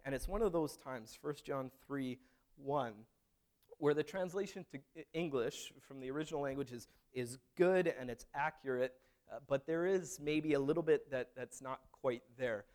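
A man's voice: mid-range voice, normal speed, darkish tone. A man preaching a sermon in a conversational, storytelling way, with frequent restarts. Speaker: pastor.

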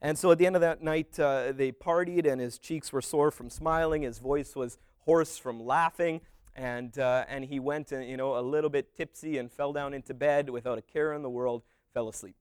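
A man's voice: mid-range voice, moderate pace, clear, resonant tone, no room sound. Man retelling a parable, dry sound. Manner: relaxed, rambling delivery with fillers and restarts.

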